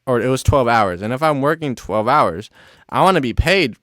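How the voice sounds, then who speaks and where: A man's voice: mid-range voice, lively intonation, normal speed, fairly bright tone, no echo, studio quality. A young man telling a casual storytime, rambling, leaning heavily on "like" as a filler and cursing freely. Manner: rambling, filler-heavy with constant "like" and swearing.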